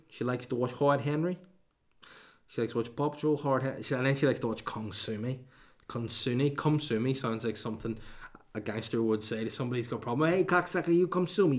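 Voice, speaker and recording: A man's voice: medium pitch, normal speed. A man, hosting a comedy podcast in a rambling, sweary monologue with mock outrage and lots of restarts.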